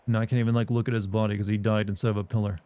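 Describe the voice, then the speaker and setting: A man's voice: on the low side, level tone, racing, warm tone. A man chatting casually with viewers while streaming a game, rambling, joking, and laughing often. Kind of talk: casual chat while playing.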